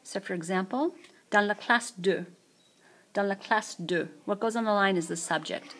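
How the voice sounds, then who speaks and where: A woman teaching French vocabulary in a screencast, saying each phrase slowly and then repeating it. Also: medium pitch, fairly bright tone. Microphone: tablet mic.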